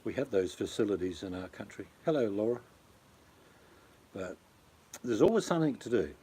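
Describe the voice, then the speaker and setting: Deep mellow Australian man chatting. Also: very animated, moderate pace, slightly rough. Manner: rambling, blunt and chatty, addresses viewers by name. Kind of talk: casual chat.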